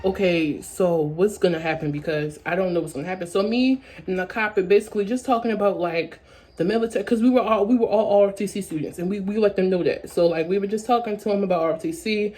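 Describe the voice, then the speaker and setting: A woman's voice: mid-range voice, fast talker, a little mellow, soft background music. Rambling young woman telling a story. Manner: rambling, repeats words, many fillers. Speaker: vlogger. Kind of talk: story time vlog.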